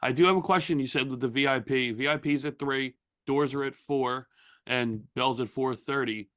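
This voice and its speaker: A man's voice: mid-range voice, steady tone, normal speed, fairly bright tone. A man hosting a podcast, easygoing in casual chat and laughing often. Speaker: podcast host.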